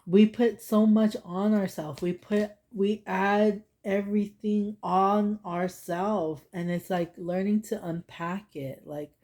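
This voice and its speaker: A woman's voice: mid-range voice, fairly even intonation, slow pace, hardly any pauses, dark tone. A woman in her thirties giving a casual, heartfelt oracle card reading, rambling and filling her talk with "like". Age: 30s. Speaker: tarot and oracle card reader.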